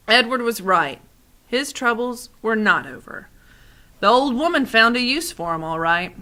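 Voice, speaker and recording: A woman's voice: a little high, sing-song, a little slow, bright, forceful tone. A woman reading a children's novel aloud expressively, adding asides to the listener. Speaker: audiobook reader.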